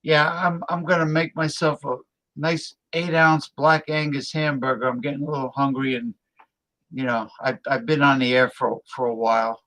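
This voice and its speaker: Halting man hosting a livestream. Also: mid-range voice, little pitch movement, a bit bright, poor audio. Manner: halting, repeats words, fillers. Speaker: livestream host. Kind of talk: casual livestream chat.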